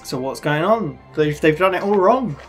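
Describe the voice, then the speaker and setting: Female reaction co-host, low and animated, casual chat, laughs easily. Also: moderate pace, faint music behind. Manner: laughs often, acts out the characters' lines.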